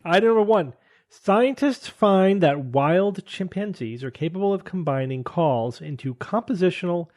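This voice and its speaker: Brief: male podcast host, a bit higher voice, reads quiz items crisply. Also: darkish tone. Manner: clear, brisk reading of items. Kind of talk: hosting a quiz segment.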